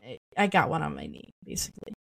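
A woman's voice: a bass voice, huge pitch swings, fast talker, gravelly, fairly bright tone, breathy edge, no room sound. Chatty young woman, dry studio sound. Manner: chatty, full of "like" and "um" fillers, laughs often. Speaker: podcast co-host. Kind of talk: casual chat.

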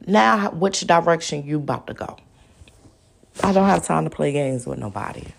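A woman's voice: deep voice, expressive, normal speed, vocal fry, a little hiss or hum. A woman, telling a story in a blunt, profane rant and acting out other people's lines. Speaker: podcast host.

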